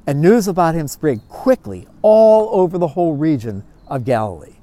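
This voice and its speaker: A man teaching a Bible class, telling stories in a folksy, animated way with frequent chuckles. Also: on the high side, normal speed, hardly any pauses, no room sound. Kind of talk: storytelling Bible lesson.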